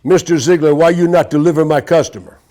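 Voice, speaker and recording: A man's voice: on the high side, fairly even intonation, fast talker, dark tone, lightly acted. A man putting on the broken English and Russian accent of a brash immigrant car salesman. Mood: earnest.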